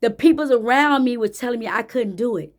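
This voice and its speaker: A woman's voice: on the high side, brisk. A woman giving a faith-based motivational talk to camera, emphatic and preachy, repeating phrases for emphasis. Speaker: motivational speaker.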